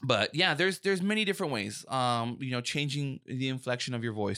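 Young guy safety pro chatting on a podcast, lively and emphatic, dry close sound. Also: medium pitch, normal speed, few pauses, smooth, dry recording. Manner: animated, emphatic, acts out quotes. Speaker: podcast co-host, safety professional. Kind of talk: casual podcast chat.

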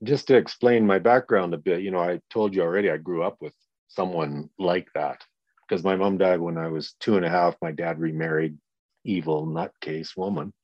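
A man in his sixties speaks candidly as a guest, blunt and sprinkled with swearing. His voice sits low, and the audio sounds dull and dry with no room around it. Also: fairly even intonation, normal speed, dry recording. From Canada. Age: 60s. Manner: blunt, profane, acts out quoted people in raised voices. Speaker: guest, victim's father. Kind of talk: candid interview.

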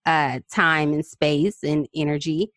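Chatty woman host with a low voice. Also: steady tone, takes it slowly, fairly bright tone, no echo, studio quality. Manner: candid, chatty, shares personal stories. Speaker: podcast host. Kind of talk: conversational interview.

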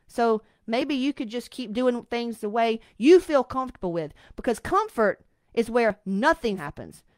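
A woman's voice: fairly high pitch, lively intonation, moderate pace, no room sound. A woman hosting a motivational podcast, talking bluntly and swearing freely, with sudden emphatic bursts. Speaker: podcast host and coach.

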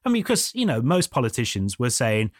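A man's voice: mid-range voice, big pitch swings, brisk, no room sound, studio quality. A man hosting a casual podcast chat, wry and jokey, steering the talk along. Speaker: podcast host.

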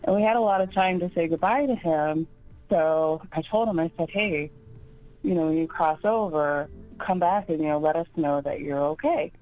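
A woman's voice: low voice, normal speed, darkish tone, faint music behind, rough recording. A woman calling in to a show, telling a story in an earnest, chatty way. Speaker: caller. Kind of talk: phone-in storytelling.

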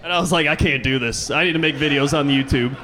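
A man's voice: fairly high pitch, quick pace, crowd noise, noisy background. A man co-hosting a live podcast, telling rambling, laughing anecdotes and acting out the people in them. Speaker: podcast co-host. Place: live venue stage.

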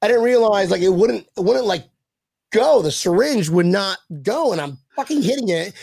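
A man's voice: high voice, lively intonation, normal speed, gravelly, a little mellow, dry recording. An American man hosting a podcast, telling rowdy stories in casual chat with swearing and laughter. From United States. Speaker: podcast host.

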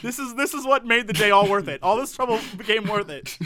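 Male podcast co-host, high and bright, fast comic storyteller, dry close mic. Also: no echo. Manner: animated, laughing, rapid-fire, self-mocking. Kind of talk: casual comedic storytelling.

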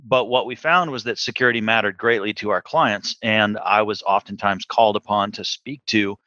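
A man's voice: fairly low pitch, fairly even intonation, moderate pace, bright, forceful tone, dry recording, muffled recording. A man in casual podcast conversation as a guest, talking in a thoughtful way with many restarts. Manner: thoughtful, with frequent restarts and fillers. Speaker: podcast guest, security executive.

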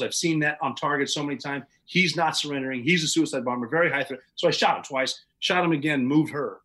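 A man's voice: on the high side, bright, forceful tone, low-quality recording. A man, a podcast guest, recounting events in casual, vivid, matter-of-fact storytelling with occasional chuckles.

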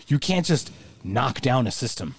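A man's voice: medium pitch, very animated, moderate pace, slightly rough, dry recording, clean studio sound. A man co-hosting a casual podcast, chatting in profane, laughing banter about movies. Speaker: podcast co-host. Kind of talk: casual chat.

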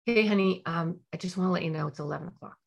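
A woman playing a mother who sets a phone rule for her teenager, with steady and caring delivery. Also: medium pitch, quick pace. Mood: calm. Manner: firm, then calm and soothing.

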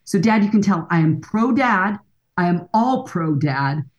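A woman's voice: medium pitch, lively intonation, measured pace, muffled recording, slight background noise. A woman in her sixties, a counselor and author, speaking earnestly and emphatically as a guest in a podcast interview. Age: 60s.

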